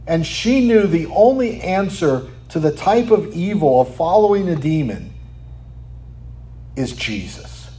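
A man preaching a sermon, asking rhetorical questions and tagging lines with "right?", sometimes dropping to a quiet, almost whispered tone for emphasis. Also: on the high side, very animated, a little slow. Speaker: pastor.

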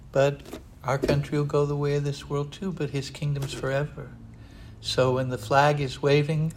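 An older man preaching a sermon in an earnest, rambling way, often pausing on "uh". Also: mid-range voice, darkish tone. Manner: earnest, digressive, frequent "uh" fillers.

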